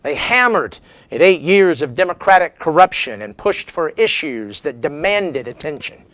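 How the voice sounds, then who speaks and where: A man's voice: a little high, very animated, normal speed, fairly bright tone, no room sound. A man giving a history lecture as a seminar speaker, telling it as a dramatic story with strong emphasis.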